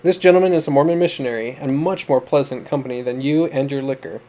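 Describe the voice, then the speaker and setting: A man's voice: medium pitch, quick pace, dark tone, natural voice. A man voicing a bold, proper young woman, a violin student, in a storybook reading, speaking frankly and resolutely. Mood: scornful.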